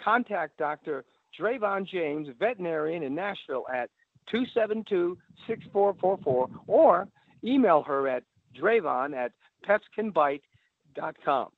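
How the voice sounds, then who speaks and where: A man talks through a phone line that sounds thin and dry. His voice is gravelly and sits a little high. He rambles in an animated way as a radio guest, acting out little phone calls as he goes. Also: measured pace, no room sound. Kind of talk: casual advice talk.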